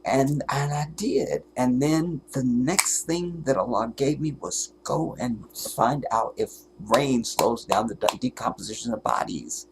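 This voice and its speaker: A man hosting his own livestream, speaking in an emotional monologue. He sounds fervent and tearful as he holds back crying, often halting and dropping to a whisper. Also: mid-range voice, lively intonation, background noise. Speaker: livestream host.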